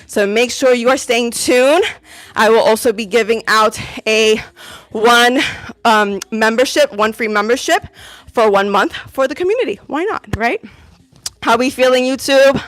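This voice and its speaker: A woman's voice: fairly high pitch, unhurried. Upbeat woman coaching a live workout. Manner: upbeat, encouraging, counting reps. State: out of breath. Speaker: fitness instructor. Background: workout music.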